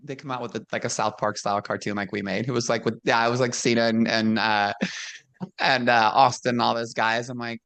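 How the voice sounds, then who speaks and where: This guest, once a pro wrestler, has a very deep, creaky voice that's steady, a little fast and fairly bright. In a casual storytelling chat she speaks frankly, laughs often and dramatizes quoted dialogue.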